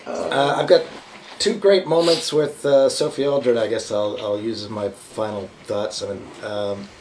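A man's voice: lowish voice, measured pace. Man, casual podcast co-host, anecdotal storytelling, faint background noise. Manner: anecdotal, relaxed storytelling with fillers. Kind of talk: casual convention recap chat.

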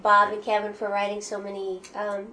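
A woman's voice: medium pitch, monotone, normal speed, noisy background. A woman on a podcast, giving earnest thanks about the convention. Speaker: podcast co-host. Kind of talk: casual convention recap chat.

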